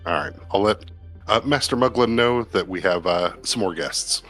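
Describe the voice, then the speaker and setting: A man voicing a stern woman head of security in a tabletop game, brisk with hesitant fillers, over light background music. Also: lowish voice, fairly bright tone.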